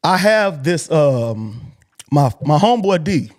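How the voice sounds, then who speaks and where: This Texas man, hosting a call-in show, takes it slowly as he tells a personal story with big swings in his higher-pitched voice. He is earnest, colloquial, emotional and near tears, repeating things as he goes.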